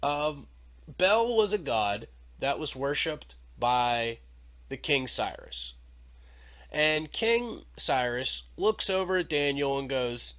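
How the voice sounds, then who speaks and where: A male podcast host retelling an old story in an irreverent, jokey way. He swears casually and riffs loosely, with an average pitch. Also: expressive, slow, a bit bright. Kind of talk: casual discussion.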